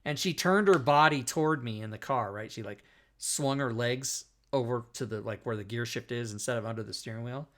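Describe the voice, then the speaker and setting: A man's voice: medium pitch, fairly quick, fairly bright tone. Rambling, profane man telling a story. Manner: rambling, profane, self-interrupting. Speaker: talk show host. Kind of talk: casual storytelling chat.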